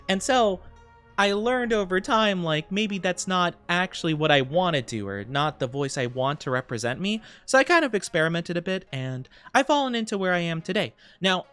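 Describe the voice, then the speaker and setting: A man's voice: fairly high pitch, fairly bright tone, clean tone. A young man streaming casually, chatting with viewers in a rambling way, with frequent laughs and fillers. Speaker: VTuber streamer. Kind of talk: casual live-stream chat.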